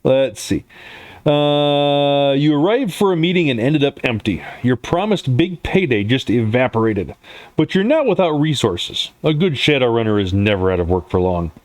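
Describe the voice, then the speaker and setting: A man running a tabletop game, narrating scenes and asking players what they do. His delivery is loose and unpolished, his pitch sits in the middle of the range, and the sound is dry and close with no room echo. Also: animated, normal speed. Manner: loose, many fillers and restarts, laughs easily. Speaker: game master.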